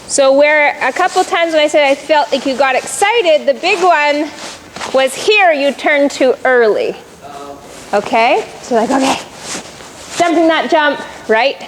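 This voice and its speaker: A woman's voice: sits high, a little hiss or hum, low-quality recording. A woman riding instructor coaching a jumping lesson, calling out cues and explaining in an encouraging, instructive way.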